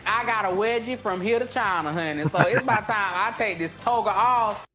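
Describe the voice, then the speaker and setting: A man's voice: high-pitched, normal speed, background noise, pitched above the performer's own voice, natural voice. A man putting on a flamboyant, drawling camp diva voice in a toga bit. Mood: sassy.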